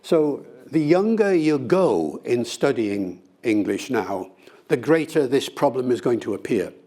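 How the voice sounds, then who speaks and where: An older man, a linguist being interviewed, answering in a lively, conversational way with playful demonstrations. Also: medium pitch, measured pace.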